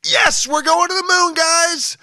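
Man putting on a rowdy frat-boy astronaut, whooping, high and loud, bright tense voice, dry sound. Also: steady tone, measured pace, dry recording, exaggerated voice. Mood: hyped whooping. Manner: whooping, hyped, shouting.

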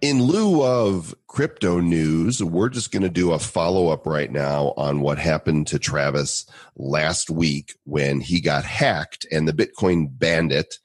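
A man's voice: extremely low pitch, fairly even intonation, unhurried, no echo, soft background music. A man co-hosting a casual podcast, joking and self-deprecating as he talks. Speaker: podcast co-host.

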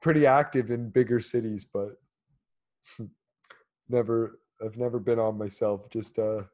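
A man talks through the news in a loose, casual podcast chat. He jokes crudely and laughs often. His voice sits at an ordinary pitch. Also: steady tone, unhurried, darkish tone. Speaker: podcast co-host.

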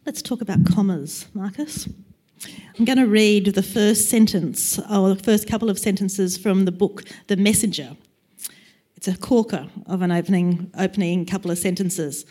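A woman interviewing an author, asking questions in a lively, enthusiastic way. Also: medium pitch, moderate pace, husky.

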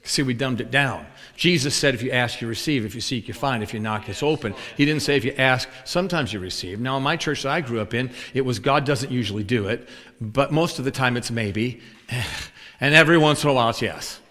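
During his sermon, a male preacher relates a story, lively as he acts out both sides of a conversation between its people. He talks a little fast at medium pitch, with long reverb from the hall.

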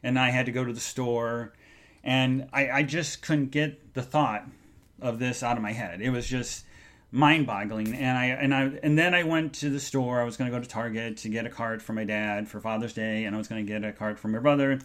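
A man hosting a solo podcast, talking in an earnest, halting way with many restarts as he recounts an emotional day. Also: medium pitch, fairly even intonation, a bit bright. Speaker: podcast host. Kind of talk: solo live podcast monologue.

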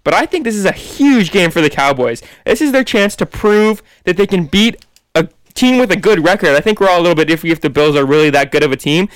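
Casual podcast co-host: man, high voice, confident and chatty, dry close sound. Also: expressive, fast talker, clear, resonant tone, no room sound. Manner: confident, opinionated, talks in long runs. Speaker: co-host making sports picks. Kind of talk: casual sports podcast chat.

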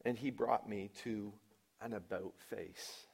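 Slow-preaching man, swinging loud to hushed. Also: gravelly, breathy edge. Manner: preaching with wide swings from loud emphatic lines to low quiet asides; asks the congregation questions and acts out quoted lines. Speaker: pastor. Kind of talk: sermon.

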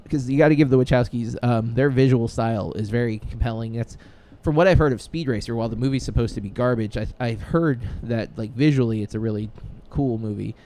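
A man co-hosts a podcast, chatting casually and with enthusiasm, rambling with frequent fillers and restarts. His medium-pitched, warm voice moves fairly quickly with few pauses.

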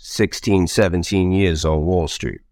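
A man's voice: sits low, fairly even intonation, unhurried, darkish tone, no echo, studio quality. A man in his fifties, a trucking company owner, talking casually as an interview guest, rambling and repeating himself with lots of "you know what I mean". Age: 50s.

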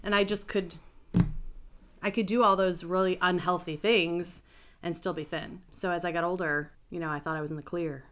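Middle-aged female guest, low bright voice, rambling and self-deprecating storyteller. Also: fairly even intonation, normal speed. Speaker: podcast guest, health and life coach. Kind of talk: casual interview storytelling.

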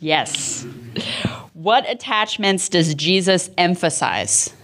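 A woman in her thirties leads a Bible talk for a student group, with a lowish voice for a woman. She keeps it chatty and interactive, often stopping to ask the room questions. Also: sing-song, takes it slowly, a bit bright. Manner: chatty and audience-engaging, asks questions. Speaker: campus ministry staff speaker.

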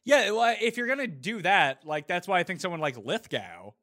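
A man's voice: high-pitched, very animated, normal speed, sharp tone. A man hosting a casual podcast debate, blunt and opinionated about TV shows. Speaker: podcast host.

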